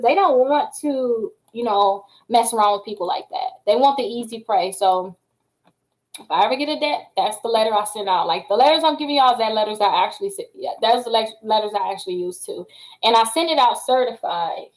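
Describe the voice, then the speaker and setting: A high-voiced woman talks to her viewers in a chatty, animated way. She coaches on credit repair in a loose, casual live-stream style. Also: fairly quick, low-quality recording.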